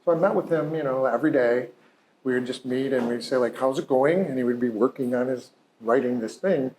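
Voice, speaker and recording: A man's voice: medium pitch, brisk, a little mellow, a little hiss or hum. A male psychologist telling a patient's story in a conversational, heartfelt lecture, full of "you know" and "like". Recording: roomy echo.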